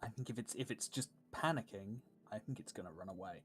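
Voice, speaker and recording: A man's voice: lowish voice, quick pace. A man playing a tabletop game, thinking aloud in a hesitant way. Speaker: player. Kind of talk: casual tabletop play.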